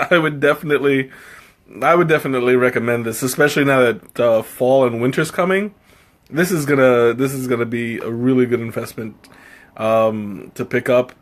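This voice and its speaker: A man's voice: mid-range voice, fairly bright tone. A man hosting a casual live tea-tasting stream, chatting to his viewers in a rambling, self-interrupting way, laughing often and teasing himself. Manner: playful, self-mocking.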